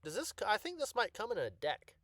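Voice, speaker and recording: With a rather high-pitched voice, this YouTuber who collects cards talks eagerly and informally about what he owns, often restarting sentences and saying "um." There's no ambience at all; the audio is close and completely dry.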